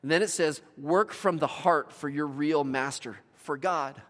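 Pastor preaching in a reverberant hall. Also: male voice, fairly high pitch, measured pace, fairly bright tone. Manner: storytelling with voiced asides and laughs. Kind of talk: sermon. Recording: long reverb of a large hall.

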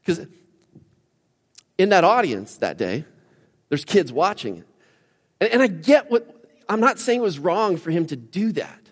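A man delivering a sermon with a high, bright-edged voice. His storytelling swings from quiet asides to shouting. The sound carries a long reverb from a large hall. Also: sing-song, measured pace, pauses often. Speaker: pastor.

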